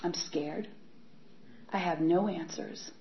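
A woman's voice: fairly low pitch, steady tone, vocal fry, slight background noise. Candid woman sharing her recovery story, lo-fi. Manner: candid, halting, many repeats and fillers. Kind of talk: personal testimony talk. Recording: dull lo-fi recording.

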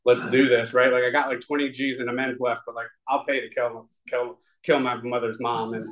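A man's voice: medium pitch, little pitch movement, fairly quick, a bit bright, low-quality recording. A man giving a personal testimony at a recovery meeting, talking in an earnest, confessional and rambling way with many fillers. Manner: rambling and conversational, full of fillers.

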